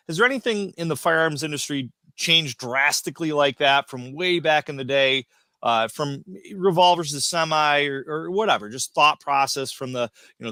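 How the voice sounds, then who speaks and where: Male co-host with a sharp, dry voice who asks rambling, searching questions. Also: medium pitch, no room sound. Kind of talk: casual interview chat.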